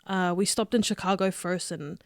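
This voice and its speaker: A young woman, a rugby player telling her story as a podcast guest, lively and laughing, with lots of "like" fillers. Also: fairly low pitch, moderate pace, no room sound, studio quality. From Australia. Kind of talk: casual interview storytelling.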